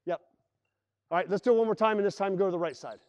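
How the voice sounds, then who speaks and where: High-voiced energetic basketball coach. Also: male voice, quick pace. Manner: energetic, calls out plays and acts out players' voices. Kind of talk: on-court coaching session. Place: indoor basketball gym.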